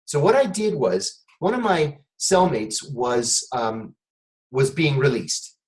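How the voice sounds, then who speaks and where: A middle-aged man, a guest on a talk show, telling a wry, animated story in conversation. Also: medium pitch, takes it slowly, low-quality recording.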